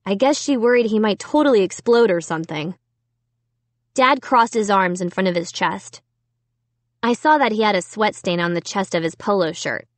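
A woman narrating a children's storybook in the first person, reading slowly and deliberately. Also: mid-range voice, dry recording. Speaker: audiobook narrator.

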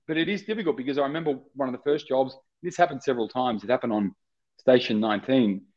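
An Australian actor in casual interview chat, rambling with many restarts and fillers. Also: male voice, mid-range voice, a little fast, a bit bright, highs cut off. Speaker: actor guest.

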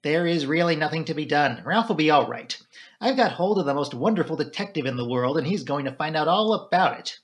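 A man's voice: fairly high pitch, animated, a little fast, a bit bright. A man voicing an impulsive, spirited young woman who speaks in eager bursts. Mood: cool resentful.

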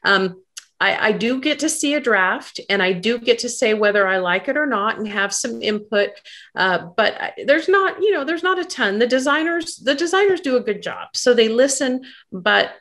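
A woman's voice: a little high, lively intonation, a bit bright. Chatty woman on a video call. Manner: chatty, upbeat, halting with fillers and restarts. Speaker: guest author. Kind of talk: casual chat on a video call.

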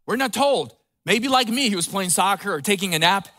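A man pastor giving a conversational sermon, dropping soft and low for tender quotes. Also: expressive, brisk.

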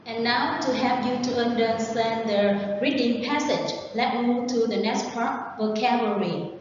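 A woman whose first language is Vietnamese, teaching an online English lesson, explaining words carefully and giving model sentences, recorded from a distance in an echoey room on low-fidelity audio. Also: steady tone, measured pace, lo-fi sound, slight background noise.

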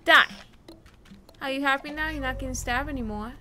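A woman's voice: high voice, fast talker, a little hiss or hum. A woman streamer giving let's play commentary. She swears freely and chats to the characters on screen. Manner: profane, chatty, talks to game characters. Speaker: gaming streamer. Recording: commentary over loud game music.

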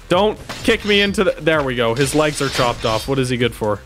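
A young man streaming a game live, commenting excitedly and yelping and shouting when things go wrong. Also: medium pitch, a little fast, few pauses, faint music behind.

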